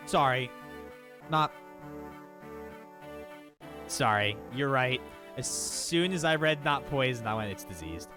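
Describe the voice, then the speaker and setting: A streamer giving casual live commentary on a game, chatty and quick to swear. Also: medium pitch, music in the background.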